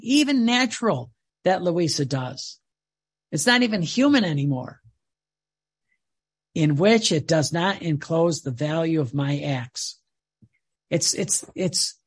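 Male preacher, high for a man, gravelly and husky, fervent and repetitive, stops and restarts his sentences. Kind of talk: sermon.

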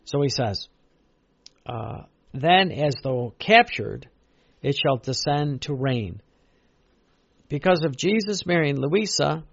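A man's voice: a little high, vocal fry, dry recording, highs cut off. A man preaching a sermon in an earnest, repetitive way, stressing key phrases and often restarting.

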